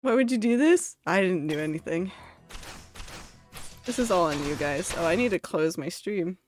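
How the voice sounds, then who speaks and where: A woman's voice: on the low side, expressive, normal speed, faint music behind. A woman streamer chatting casually while gaming, rambling and teasing her chat in a playful, self-mocking way.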